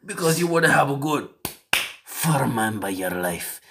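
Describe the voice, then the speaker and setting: A man co-hosting a comedy video, bantering crudely and breaking into loud mock rants. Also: mid-range voice, sing-song, measured pace, vocal fry, noisy background. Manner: loud, profane, mock-ranting. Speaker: comedy vlog co-host.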